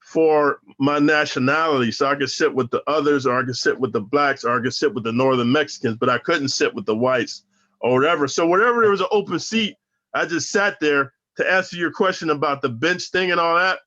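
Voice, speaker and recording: A man with a bright, forceful voice, pitched a little high, swears freely and leans hard on his slang as he tells his stories. The sound is dull and lo-fi. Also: fairly quick. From Northern California. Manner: profane, slangy, emphatic storyteller. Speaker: interview guest, former prisoner. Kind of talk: casual storytelling interview.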